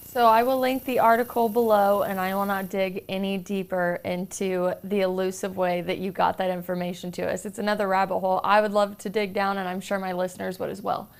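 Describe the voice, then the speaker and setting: A woman's voice: mid-range voice, level tone, brisk, vocal fry, few pauses, clean tone. A woman hosting a podcast, asking a guest questions in a casual, chatty way, often saying "like". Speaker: podcast host. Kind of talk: casual interview chat.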